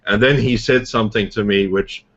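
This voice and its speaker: A man's voice: fairly low pitch, fairly even intonation, brisk, fairly bright tone. Rambling man coaching on a muffled call. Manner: rambling storyteller, heavy on fillers and restarts. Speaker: online business coach. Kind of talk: casual motivational talk on a group video call.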